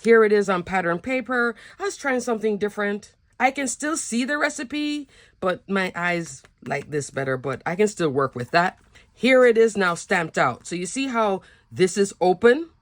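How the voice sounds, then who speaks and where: A woman hosting a craft video, chatting warmly and gushing over cute stamps as she shows them. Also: mid-range voice, moderate pace, dry recording. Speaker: craft channel host. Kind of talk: casual product show-and-tell.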